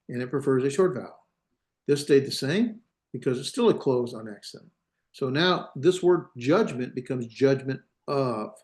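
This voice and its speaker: In a classroom lecture on grammar, a male Hebrew teacher thinks aloud, hesitating and fixing his own mistakes along the way. His voice is mid-range with a darkish tone.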